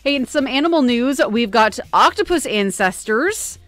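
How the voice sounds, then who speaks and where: A woman's voice: a little high, lively intonation, normal speed, fairly bright tone, no room sound, faint music behind. Chatty female radio co-host. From Canada. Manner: chatty, reads news items conversationally. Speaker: radio morning show co-host. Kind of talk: casual radio banter. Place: radio studio.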